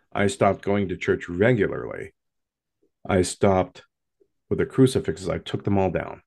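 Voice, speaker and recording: Man, deep voice with a rough gravelly edge, intense first-person ghost storyteller. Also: darkish tone. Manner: intense and dramatic, with long pauses.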